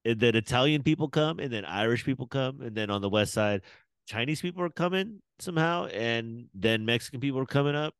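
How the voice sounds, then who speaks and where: A man's voice: mid-range voice, fairly quick, smooth, no room sound. A man, rambling and laughing in a casual podcast chat. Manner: rambling, animated, laughs often. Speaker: podcast host.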